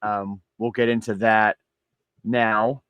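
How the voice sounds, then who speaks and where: A man hosting a casual sports podcast, talking in halting stops and starts, often with self-deprecating remarks. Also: lowish voice, level tone, smooth, dry recording, highs cut off. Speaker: podcast host.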